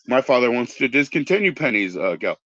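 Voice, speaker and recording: A man in his forties with a bright, forceful voice talks in a loose, meandering way, cursing casually as he drifts between tangents. The sound is dull and lo-fi, with a dry, close feel and no room around it. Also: mid-range voice, sing-song, brisk, no echo. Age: 40s. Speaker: podcast host. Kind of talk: rambling casual chat.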